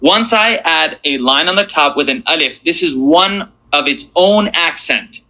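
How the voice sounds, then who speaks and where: A man teaching a beginners' Quran reading lesson, encouraging and drilling each letter sound slowly. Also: fairly high pitch, expressive, pushed and bright, low-quality recording.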